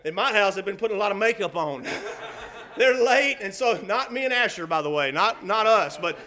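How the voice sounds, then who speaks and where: High, bright-voiced fervent male preacher. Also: animated, fairly quick. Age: adult with children. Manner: fervent, swings from hushed to shouting, laughs often. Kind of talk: sermon.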